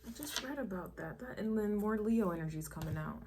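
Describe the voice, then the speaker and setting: A woman's voice: mid-range voice, animated, brisk, noisy background. A woman giving a casual spiritual tarot reading, musing and rambling as her thoughts trail off. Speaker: tarot reader.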